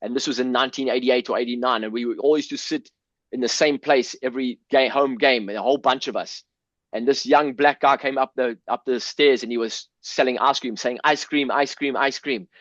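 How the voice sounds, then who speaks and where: Appearing as a podcast guest, a South African man in his fifties shares candid, emotional personal stories with earnest feeling, many restarts, and occasional swearing. He speaks fairly quickly in a steady, mid-range voice, captured in dull, dry lo-fi audio with no room sound.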